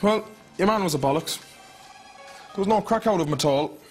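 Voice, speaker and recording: An actor playing a brash, scheming young Irish job seeker, talking in thick rural slang. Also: male voice, sits high, animated, a little fast, a little mellow, soft background music. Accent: Irish, Mayo.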